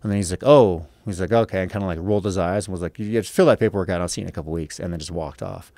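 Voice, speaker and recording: A man's voice: low-pitched, rapid-fire, mellow, no echo. A man in his thirties, an MMA fighter on a podcast, telling a story casually with lots of swearing and acted-out quotes.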